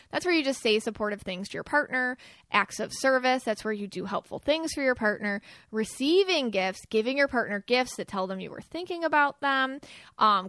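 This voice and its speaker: Casting note: woman podcast host, fairly high voice, chatty and loose, dry close recording. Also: a bit bright, no room sound. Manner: chatty, many fillers, acts out quoted lines. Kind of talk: casual spiritual podcast talk.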